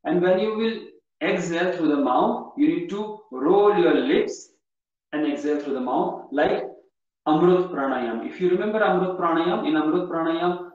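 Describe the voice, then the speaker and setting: A man gives a yoga lecture in a high voice, explaining breathing step by step and going back over points so the class can follow. He is heard from a distance in a very echoey hall. The recording is dull and lo-fi. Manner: repeats instructions patiently, plain spoken, addresses a class directly. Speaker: yoga teacher. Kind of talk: instructional lecture.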